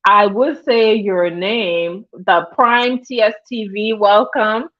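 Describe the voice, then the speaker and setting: A woman's voice: medium pitch, takes it slowly. A woman hosting a livestream in casual commentary, chatty, greeting viewers by name as she talks. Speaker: livestream host. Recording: dull lo-fi stream audio.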